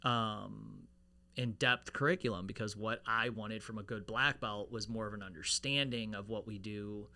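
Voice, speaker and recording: Casting: man, martial arts school owner, lively storyteller on a podcast, very bright and smooth tone. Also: fairly low pitch, moderate pace. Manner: lively storyteller acting out quoted dialogue. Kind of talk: casual podcast conversation.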